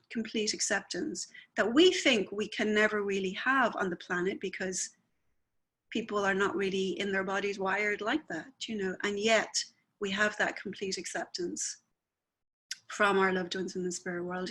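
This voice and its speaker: A woman's voice: medium pitch, moderate pace, fairly bright tone. Woman, spiritualist medium, conversational, rambling, chatty, checks in with listeners. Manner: chatty, rambling, often asks "right?". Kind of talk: conversational talk.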